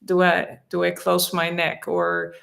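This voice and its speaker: A woman co-hosting a live online Q&A, speaking haltingly with many ums and restarts. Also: fairly low pitch, monotone, vocal fry, fairly bright tone. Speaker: co-host, internal arts teacher.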